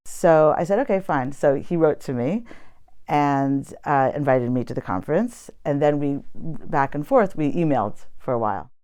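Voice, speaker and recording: A woman's voice: deep voice, mellow. An American woman, a poet and academic, telling a personal story in a chatty, reflective way with many fillers. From United States.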